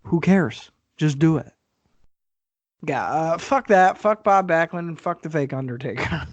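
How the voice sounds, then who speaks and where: High-pitched guy cussing and laughing through podcast chat, dead dry sound. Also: a little slow, no room sound. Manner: profane, animated, laughs a lot. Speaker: podcast co-host. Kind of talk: casual chat.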